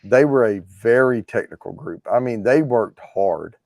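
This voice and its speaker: A man's voice: mid-range voice, expressive, unhurried, vocal fry, a little mellow, no echo, studio quality. A man hosting a giveaway show, chatting casually about classic rock, rambling with frequent restarts. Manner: rambling, restarts often, storytelling.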